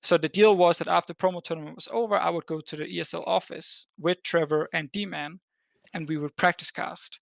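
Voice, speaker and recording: A man's voice: fairly high pitch, steady tone, a little fast, gravelly, no echo. A man from Denmark, a podcast guest, telling a long story in a casual chat, full of fillers and restarts. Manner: rambling, with many fillers and restarts. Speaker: podcast guest, esports caster.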